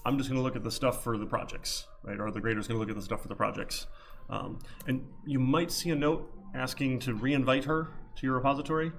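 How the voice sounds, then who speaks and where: Gravelly-voiced male programming instructor. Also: mid-range voice, fairly bright tone, a little hiss or hum. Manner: chatty, filler-heavy, repeats "right?". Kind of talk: casual classroom lecture. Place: classroom.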